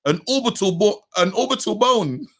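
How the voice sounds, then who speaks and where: A man's voice: high-pitched, lively intonation, moderate pace, a bit bright. A man co-hosting a podcast, chatting animatedly and acting out quotes between laughs. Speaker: podcast co-host. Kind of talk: casual boxing chat.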